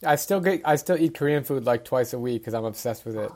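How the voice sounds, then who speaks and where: A man with an American accent hosts a casual interview. He sounds friendly and enthusiastic as he asks questions, and his voice sits at an ordinary pitch. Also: expressive, fast, a little mellow. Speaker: podcast host.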